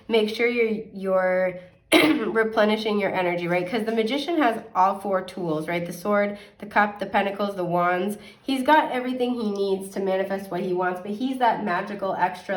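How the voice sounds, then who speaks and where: A young woman giving a casual tarot reading in a chatty, gentle way, full of fillers, a little sniffly and now and then coughing. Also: mid-range voice. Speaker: tarot reader. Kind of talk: casual pick-a-card reading. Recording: echoey room, mic at a distance.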